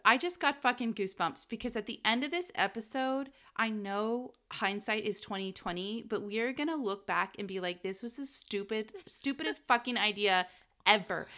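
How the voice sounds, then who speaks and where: This woman co-hosts a laid-back history podcast, speaking in a fairly high, bright voice with a clear edge. Her storytelling is lively and loose, full of frequent laughter and an occasional curse.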